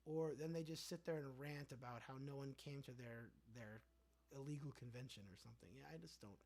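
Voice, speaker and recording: A man's voice: mid-range voice, brisk, darkish tone, slight background noise. A man hosting a casual livestream, answering viewer comments in a sarcastic, rambling way. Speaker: livestream host.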